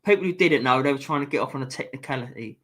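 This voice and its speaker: A man's voice: medium pitch, very fast, a bit bright. A man hosting a casual live stream, reading viewer comments aloud and swearing freely as he chats. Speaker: livestream host reading chat.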